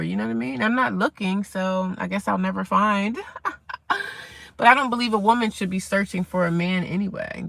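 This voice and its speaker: A woman's voice: medium pitch, vocal fry, fairly bright tone, no room sound. A woman, live-streaming outdoors at sunrise, chatting casually with her viewers and reading their comments aloud. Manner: chatty, talks to viewers and reads chat aloud.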